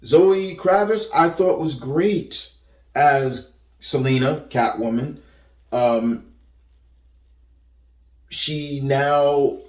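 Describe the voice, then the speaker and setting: Unhurried man, echoey and off-mic. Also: medium pitch, a little mellow, recorded from a distance. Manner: rambling, frequent restarts and stammered repeats. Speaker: movie reviewer. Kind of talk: casual spoken movie review. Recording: roomy echo, voice set back from the mic.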